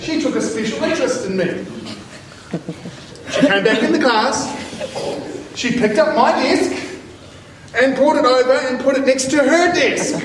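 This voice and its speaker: Animated New man as storytelling school speaker, high voice, distant in a big hall. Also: noisy background. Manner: animated, laughing, acts out voices. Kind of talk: storytelling talk to students. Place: large school hall with students. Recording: echoey hall from far off with crowd.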